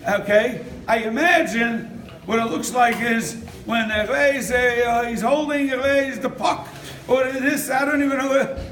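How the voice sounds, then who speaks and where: An older man preaching as a rabbi, animated, acting out quotes and laughing as he tells stories. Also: very high voice, measured pace, slight background noise. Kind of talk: sermon with storytelling. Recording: echoey room from far off.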